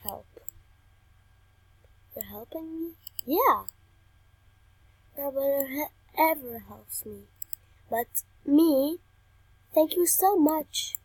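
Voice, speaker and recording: Young woman, gamer, high voice, slow delivery, playful, reads game text aloud. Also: lively intonation, a little mellow, no echo, rough recording. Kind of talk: game commentary.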